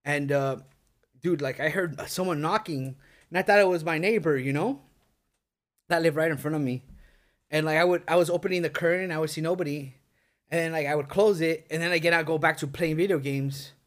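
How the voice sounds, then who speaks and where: A young man with a fairly high voice tells a rambling, profane story in casual podcast chat. His sentences are crammed with "like" and "dude" as he goes. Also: fairly quick. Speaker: podcast host telling a story.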